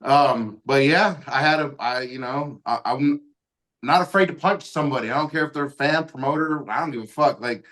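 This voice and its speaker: A podcast host with a medium-pitched, slightly bright male voice tells a story casually at a moderate pace over a podcast mic. He swears a lot and acts out the lines people said.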